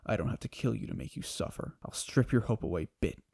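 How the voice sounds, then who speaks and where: A man voicing a bitter, menacing male speedster villain in a low, hushed, threatening near-whisper. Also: lively intonation, quick pace, gravelly, dry recording, clean studio sound.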